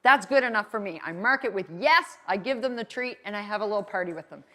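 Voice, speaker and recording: A woman's voice: mid-range voice, animated, quick pace, sharp tone. A woman dog trainer teaching a live class, upbeat and often checking in with "okay?".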